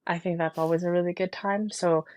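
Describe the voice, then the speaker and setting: A woman's voice: lowish voice, fairly even intonation, brisk, a little mellow. A woman hosting a podcast in casual chat, talking enthusiastically in long flowing sentences. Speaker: podcast host.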